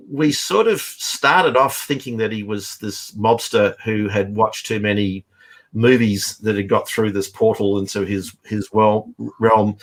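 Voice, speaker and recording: A man's voice: on the low side, fairly bright tone. A middle-aged man who writes and teaches comics, talking casually in a rambling way full of fillers and restarts. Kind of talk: casual chat.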